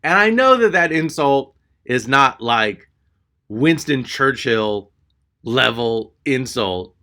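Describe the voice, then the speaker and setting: Bright-voiced male stand-up comic. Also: medium pitch. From Texas. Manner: exasperated, animated storytelling. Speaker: stand-up comedian. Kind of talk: stand-up storytelling.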